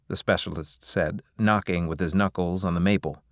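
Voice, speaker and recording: A man narrating an audiobook in an even, measured way. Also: sits low, no echo, clean studio sound.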